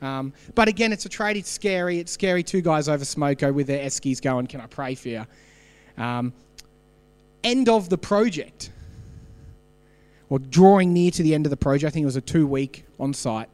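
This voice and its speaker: A man's voice: on the high side, lively intonation, a little fast, a little mellow, long reverb tail. An Australian man preaching a sermon, telling stories in a conversational way and putting questions to the congregation. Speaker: pastor.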